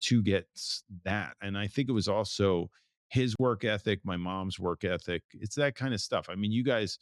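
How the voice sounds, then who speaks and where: Low-voiced man talking in loose, restarting sentences. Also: normal speed, dry recording, studio quality. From United States. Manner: rambling, with many restarts and fillers. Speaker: photographer, guest. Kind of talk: casual interview talk.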